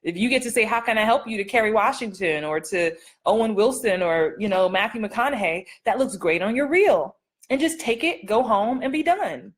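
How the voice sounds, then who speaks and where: A woman's voice: mid-range voice, animated, normal speed. A middle-aged woman acting coach giving casual live-stream advice, playful and sassy, laughing often and acting out line readings.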